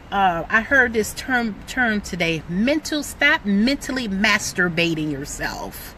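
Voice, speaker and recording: Bright-voiced excitable motivational woman. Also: medium pitch, slow pace, a little hiss or hum. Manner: excitable, emphatic, preachy, lots of "like". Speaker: motivational vlogger. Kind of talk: motivational talk to camera.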